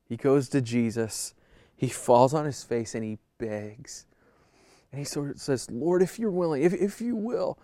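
A man's voice: mid-range voice, dark tone, dry recording, clean studio sound. A man giving an earnest, conversational sermon as a pastor, leaning into pleading emphasis.

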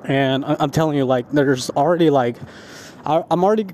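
A man tells a heated story outdoors, cursing freely as he rants. His voice sits a little high, and faint city traffic hums behind him. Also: fairly quick. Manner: heavy profanity, animated ranting with laughs. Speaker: vlogger. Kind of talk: casual ranting storytime.

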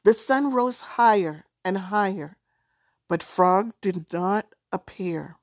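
Slow, deliberate woman storyteller. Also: mid-range voice, lively intonation, no echo, studio quality. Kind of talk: storytelling narration.

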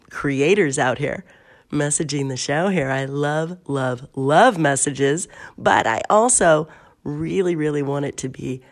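A woman's voice: low voice, creaky. A woman hosting her own podcast, speaking in a chatty, affectionate monologue while she is sick. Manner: warm-hearted, chatty, laughs easily. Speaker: podcast host.

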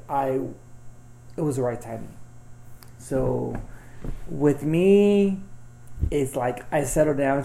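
A man's voice: mid-range voice, gravelly, mellow, slight background noise. A man on a podcast telling a long personal story in casual chat, rambling and profane with lots of filler words. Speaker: podcast guest.

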